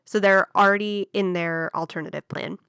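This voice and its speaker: A woman's voice: medium pitch, fairly even intonation, moderate pace, creaky, a bit bright, clear, resonant tone, no echo, studio quality. A young woman casually telling a true story on a podcast, chatty and full of fillers.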